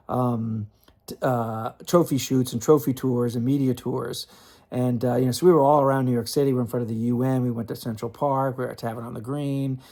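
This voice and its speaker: A man's voice: medium pitch, dark tone. Rambling man telling a tennis story. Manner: rambling, many fillers and restarts. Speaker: tennis magazine writer. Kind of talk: casual storytelling.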